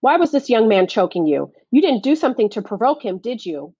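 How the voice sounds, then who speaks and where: A woman's voice: a little high, very animated, a little fast, mellow, husky, no echo, highs cut off, full character voice. A woman reading an audiobook, voicing a stern father who asks probing questions.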